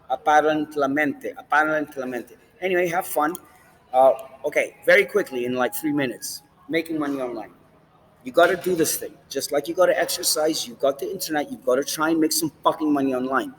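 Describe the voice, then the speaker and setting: A man's voice: a little high, fairly bright tone, slight background noise, rough recording. A man vlogging in a rambling, casual monologue, swearing often and jumping between topics. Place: outdoors, standing, smoking a cigar.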